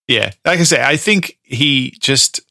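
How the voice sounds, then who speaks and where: A man co-hosting a podcast in casual chat, animated, laughing often and swearing freely. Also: medium pitch, vocal fry, dry recording. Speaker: podcast co-host.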